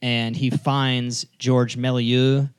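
A man's voice: medium pitch, level tone, drawn-out words, clean tone, no echo. A man in a casual film chat, easygoing and explaining at length.

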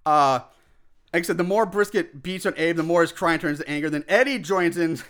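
A man casually recapping a film plot as a podcast host, animated, acting out shouted lines and laughing often. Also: a little high, fairly quick. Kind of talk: casual chat.

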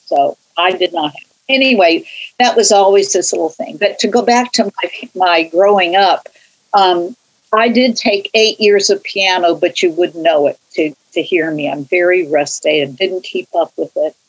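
A woman's voice: fairly low pitch, moderate pace, low-quality recording. An older woman from California, a church choir singer, recalling her musical upbringing in a rambling, conversational way with frequent restarts and tangents. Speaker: interviewee, church choir member. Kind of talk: casual conversational storytelling.

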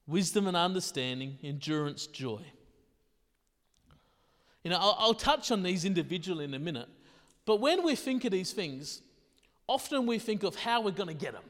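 Male pastor with a high voice, conversational sermon full of rhetorical questions, recorded in a hall with long reverb. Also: big pitch swings, moderate pace, long pauses, a bit bright.

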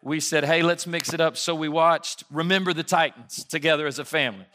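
A man from Alabama delivers a sermon with a bright, forward tone and a slightly raised pitch. He talks to the church like he is telling stories to friends, animated and relaxed. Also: a little fast, a little hiss or hum. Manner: conversational, animated storytelling with laughs. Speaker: pastor.

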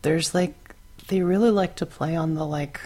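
Warm and low-pitched, this woman co-hosting a podcast speaks at normal speed. The chat is casual and wandering, with lots of fillers and false restarts.

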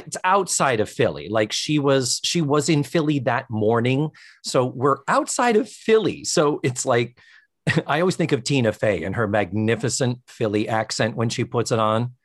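A man co-hosting a podcast, talking in a casual, animated way. His pitch swings widely as he jumps into quick impressions of characters. The sound is dry and close, with no room echo. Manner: animated, acts out characters' lines in quick voices. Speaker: podcast co-host. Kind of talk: casual chat recapping a sitcom episode.

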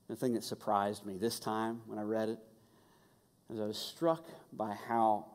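A man preaching a sermon as pastor, telling the story with humor, quick asides and restarts. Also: fairly low pitch, a little mellow. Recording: long reverb of a large hall.

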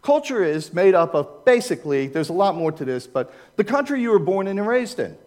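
His high, very animated voice carries a slight mellowness and a fairly quick pace. The speaker, an older man from the United States with a Maryland accent, talks informally over slides to a church audience, digressing and inviting agreement.

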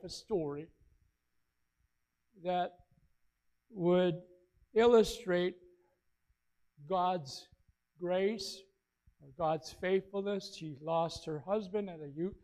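A man pastor preaching a sermon, telling stories with big swings between loud and soft. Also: low-quality recording. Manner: storytelling preacher, dynamic swings in loudness and pitch.

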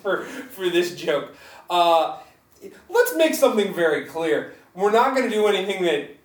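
A man co-hosting a casual comedy podcast, joking and often laughing, with halting restarts. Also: high-pitched, sing-song, slight background noise. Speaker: podcast co-host. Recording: roomy, distant mic.

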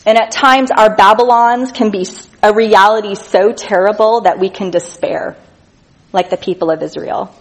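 A woman preaching a sermon, reading scripture with slow, stressed emphasis and going soft and quiet on tender lines. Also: mid-range voice, steady tone, poor audio. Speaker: speaker at a church gathering.

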